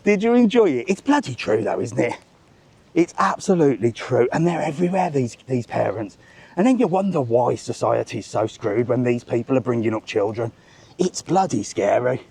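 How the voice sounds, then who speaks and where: A man hosting a live travel vlog, telling a story as an animated, swearing rant while walking outdoors. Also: medium pitch, normal speed, vocal fry, husky. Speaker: travel vlogger, live stream host. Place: outdoors among bars and restaurants.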